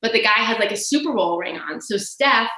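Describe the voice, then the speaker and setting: A woman's voice: fairly high pitch, lively intonation, brisk, sharp tone. A woman guest telling rambling anecdotes in casual chat, with lots of fillers. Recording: echoey room.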